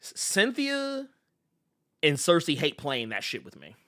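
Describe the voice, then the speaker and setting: A man hosting a podcast in a casual chat, animated and rambling, laughing often. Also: fairly high pitch, unhurried. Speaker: podcast host.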